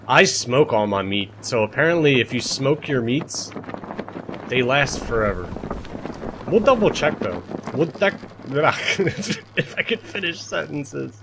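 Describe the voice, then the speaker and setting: Lively young man streaming a survival game. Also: medium pitch, background noise. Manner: animated, self-mocking, swears and laughs freely, talks to chat. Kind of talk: live-streamed gameplay commentary.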